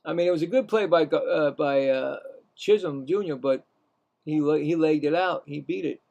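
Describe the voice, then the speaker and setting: High gravelly man calling baseball. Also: moderate pace, a little mellow, highs cut off. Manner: rambling, talks to himself, jumps in pitch on calls. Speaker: play-by-play commentator. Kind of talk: casual live baseball play-by-play.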